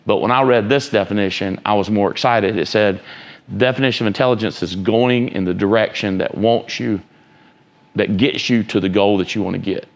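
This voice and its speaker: Male motivational speaker, low gravelly voice, emphatic off-the-cuff delivery that quizzes the room. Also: moderate pace. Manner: emphatic, rambling, asks the room questions. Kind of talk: informal motivational talk to students.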